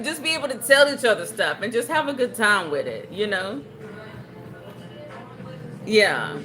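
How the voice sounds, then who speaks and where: A woman's voice: mid-range voice, unhurried, long pauses, soft background music. A young woman, hosting a home livestream, reading viewer comments and joking around in casual chat. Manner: animated, joking, playful put-on voices. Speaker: livestream host.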